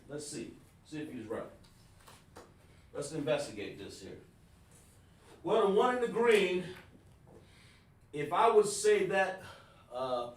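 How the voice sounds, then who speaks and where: A male teacher leading a live online class, patiently repeating and drilling pronunciations slowly. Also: a little high. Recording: echoey room, far from the mic.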